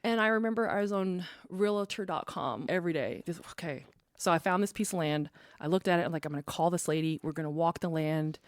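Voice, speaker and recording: Woman telling a lively personal story. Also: lowish voice, brisk, no room sound, studio quality. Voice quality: acts out quoted dialogue. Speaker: podcast guest.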